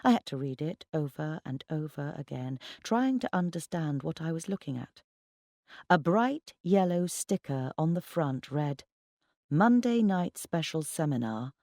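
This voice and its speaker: A man's voice: fairly high pitch, expressive, unhurried, a little mellow, dry recording, studio quality. Wry man reading a novel aloud. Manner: wry, conversational storytelling. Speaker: audiobook reader. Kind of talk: first-person literary narration.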